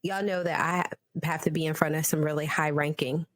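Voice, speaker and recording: A woman hosting a casual podcast panel chat, telling stories in a lively way with laughter. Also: low-pitched, moderate pace, no room sound. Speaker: podcast host.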